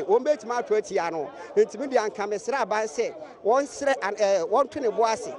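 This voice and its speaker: A man's voice: high-pitched, moderate pace, darkish tone, a faint crowd. Earnest Ghanaian man at a station. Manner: earnest, appealing to the government. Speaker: interviewee driver. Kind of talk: vox-pop street comment. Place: busy outdoor lorry station.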